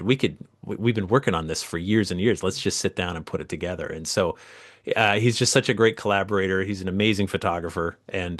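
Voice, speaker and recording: A middle-aged man, a guest author telling stories with animated energy in a casual interview. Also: on the low side. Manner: lively, animated storyteller.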